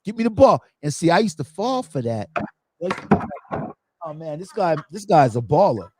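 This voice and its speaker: A man hosting a podcast in casual chat, telling funny stories with animated energy and acting out quotes. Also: on the high side, moderate pace, slight background noise. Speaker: podcast host.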